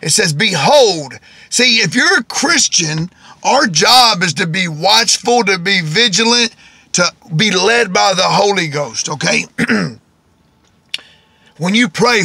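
A man's voice: high-pitched, big pitch swings, unhurried, gravelly, pushed and bright, husky, dry recording. A man preaching informally, repeating his points, quoting scripture and checking in with "okay?".

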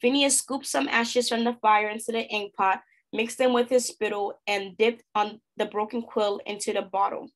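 A woman reading a storybook aloud expressively as a teacher, pausing to pose questions to her listeners. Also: medium pitch, fairly even intonation.

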